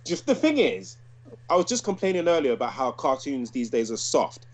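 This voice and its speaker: A man's voice: medium pitch, brisk. A man, co-hosting a casual chat and acting out quoted lines as he talks. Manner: animated, acts out quoted lines from a cartoon. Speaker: podcast co-host.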